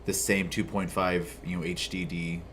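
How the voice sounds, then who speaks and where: A man's voice: low-pitched, flat delivery, normal speed, fairly bright tone, a little hiss or hum. A young man co-hosting a gaming news chat, explaining things in a matter-of-fact way. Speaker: co-host.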